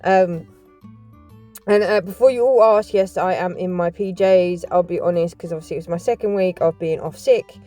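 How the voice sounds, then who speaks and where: A woman's voice: lowish voice, normal speed, dark tone, soft background music. A woman chatting casually to her viewers while doing a puzzle, rambling off topic and often apologising. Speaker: puzzle vlogger. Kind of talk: casual chat to camera.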